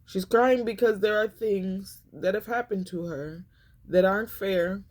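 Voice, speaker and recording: Here a woman reads tarot casually, her mid-range voice unhurried and a little mellow. She talks to her viewers with emphasis, calls them y'all, and repeats herself often to drive points home.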